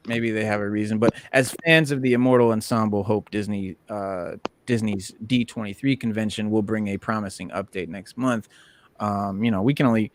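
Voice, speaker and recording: A man hosting a casual podcast, reading news items with lots of filler words. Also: on the low side. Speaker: podcast host.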